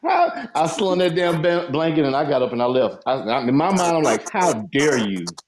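A man's voice: fairly high pitch, very animated, fairly quick. A man hosting a raunchy casual chat, telling a story with laughs and exaggeration. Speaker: host.

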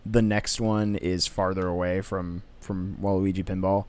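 A man in casual chat, thinking aloud in a laid-back way as he pitches story ideas. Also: little pitch movement, unhurried, darkish tone, smooth.

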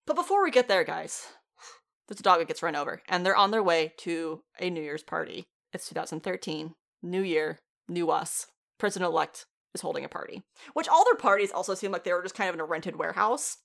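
A woman co-hosting a podcast, recapping a TV show in casual, animated chat, swearing freely and laughing often. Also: fairly low pitch, fairly quick, gravelly. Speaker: podcast co-host.

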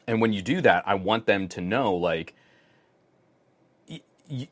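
A man's voice: fairly low pitch, expressive, unhurried, no echo. A man co-hosting a casual tech podcast, talking animatedly and sometimes acting out the people he quotes in mock voices. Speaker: podcast co-host.

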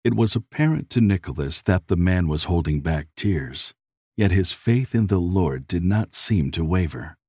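Man, storybook narration, expressive, measured, husky, dry close sound. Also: sits low, no room sound.

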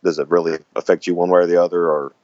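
A man's voice: low-pitched, little pitch movement, racing, a little mellow, dry recording, lo-fi sound. A man with a Southern American accent, chatting casually as a guest, rambling with lots of fillers and restarts. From Southern United States. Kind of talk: casual chat.

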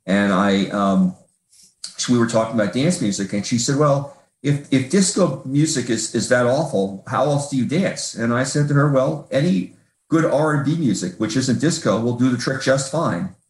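A man's voice: medium pitch, expressive, normal speed. A man in a casual group conversation speaks thoughtfully and rambles a little. He restarts his sentences often as he works toward his point. The room around him adds a noticeable echo. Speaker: audience member asking a question. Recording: roomy echo.

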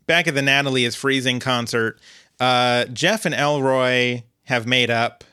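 A man co-hosting a podcast, recapping a TV episode in loose, casual chat. His voice is bright and forward, recorded close and dry. He playfully acts out the characters' lines. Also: medium pitch, unhurried, clear, resonant tone, no room sound. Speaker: podcast co-host.

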